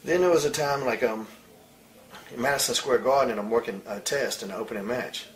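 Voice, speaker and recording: A man's voice: medium pitch, brisk. A man in his forties, a former wrestler, talking bluntly and profanely in a candid interview, with faint hiss behind him. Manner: blunt, profane, heated storytelling. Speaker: retired pro wrestler as interview guest.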